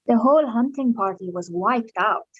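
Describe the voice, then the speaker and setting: A woman plays a weary female hunter who reports back slowly and hesitantly. The sound is dull and lo-fi over a video call. The room is completely dry. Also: a little high, husky, dry recording. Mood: reluctant. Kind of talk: voice acting read in a recording session.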